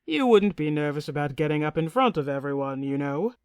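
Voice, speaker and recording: A woman voicing a boisterous, tipsy middle-aged king in an audiobook, loud and blustering. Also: low voice, expressive, fairly quick, no echo, clean studio sound. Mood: jovial. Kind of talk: audiobook character reading.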